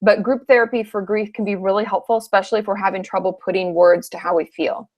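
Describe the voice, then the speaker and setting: A woman's voice: medium pitch, steady tone, fast. Chatty thirties woman therapist from washington, frank live q&a, swears a bit. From Washington state. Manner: frank and chatty, swears casually, acts out quoted lines. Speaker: licensed therapist answering viewer questions. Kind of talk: casual live Q&A chat.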